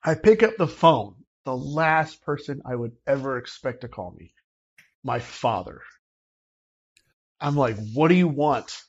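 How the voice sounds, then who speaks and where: Animated man telling a story. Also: mid-range voice, unhurried, pauses often, slightly rough, highs cut off. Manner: animated, acts out dialogue from the story. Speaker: interview guest telling his story. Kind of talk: casual personal storytelling.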